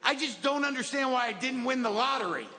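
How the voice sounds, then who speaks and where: A man's voice: very high voice, brisk, very noisy, pitched above the performer's own voice. A man doing a baffled elderly father. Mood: earnest. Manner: earnest, baffled, raised voice. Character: elderly father, naive and earnest. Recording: live hall reverb with audience.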